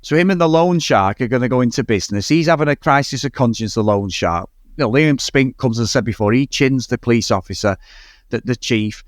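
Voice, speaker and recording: A man's voice: mid-range voice, a little fast, no echo, studio quality. A man co-hosting a casual film review podcast, ranting in exasperation about a bad movie and swearing freely. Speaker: podcast co-host.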